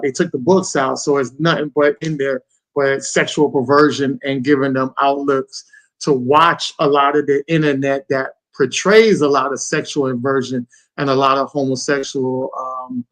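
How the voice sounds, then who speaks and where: A man's voice: mid-range voice, fairly bright tone. A man co-hosting a podcast in loose, rambling casual chat, often checking in with "you know what I'm saying". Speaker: podcast co-host.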